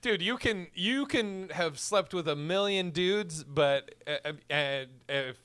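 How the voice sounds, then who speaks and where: A man co-hosts a loose podcast conversation in a bright, forceful voice pitched a little high. He swears freely, laughs a lot, and acts out short scenes in funny voices. The sound is dry and close. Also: lively intonation, slow, clean tone, no echo. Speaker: podcast co-host. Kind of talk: casual chat.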